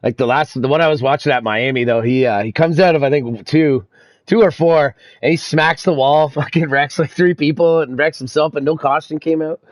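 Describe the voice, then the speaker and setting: A man's voice: on the high side, moderate pace, no room sound. A young man streaming sim racing, chatting casually with friends, laid-back, swearing and laughing a lot. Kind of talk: casual chat over voice chat.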